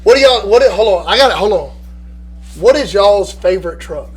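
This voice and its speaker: A man telling animated, profane stories in a casual chat. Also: high voice, moderate pace, slightly rough. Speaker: podcast participant telling stories.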